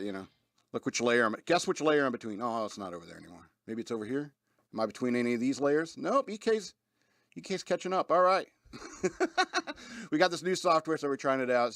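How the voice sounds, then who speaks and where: A man's voice: medium pitch, fairly bright tone, no room sound. A man hosting a casual radio talk show, rambling with frequent laughs and restarts. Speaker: host.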